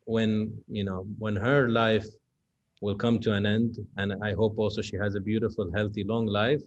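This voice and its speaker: A male interview host with a lowish voice speaks in a gentle, reflective way and often adds "you know". His sound is slightly dull and muffled, lacking crispness in the highs. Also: little pitch movement, normal speed.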